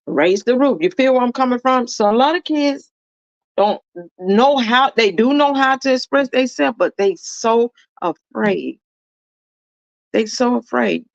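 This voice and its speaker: A woman's voice: a little high, animated, unhurried, vocal fry, dry recording, dull audio. A woman hosting a reaction video, talking casually and emphatically to her viewers and often asking whether they follow her.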